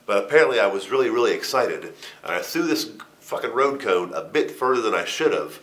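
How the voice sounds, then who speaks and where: A middle-aged wrestler tells an interviewer a casual story thick with curses, laughter and stammered restarts. His medium-pitched voice is expressive and brisk, with a slightly bright sound.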